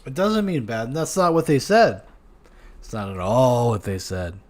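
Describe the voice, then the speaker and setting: A male podcast host talks over a clip with biting sarcasm and frequent profanity. His voice sits at an ordinary middle pitch. His anger comes out as mockery. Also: animated, moderate pace. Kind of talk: sarcastic reaction commentary.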